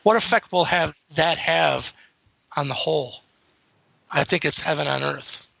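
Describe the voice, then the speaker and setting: A middle-aged man guesting on an interview, telling rambling, animated stories about his encounters. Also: fairly high pitch, measured pace, vocal fry, no echo, low-quality recording. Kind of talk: casual storytelling.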